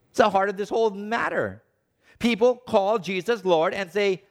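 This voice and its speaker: Man, preacher, sermon, animated, acts out quotes, slightly high pitch. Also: moderate pace.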